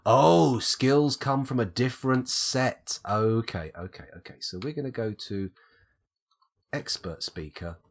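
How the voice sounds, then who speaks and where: A man's voice: mid-range voice, unhurried, gravelly. A British man with a cold, thinking aloud as he streams live gameplay commentary and muses over his options. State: has a cold, coughing.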